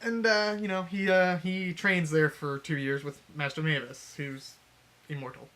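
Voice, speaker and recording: Brief: male co-host, bright and somewhat high voice, laughing, profane, acts out quotes in casual chat. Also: fairly even intonation, a little slow. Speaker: podcast co-host. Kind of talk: casual chat retelling a fanfic.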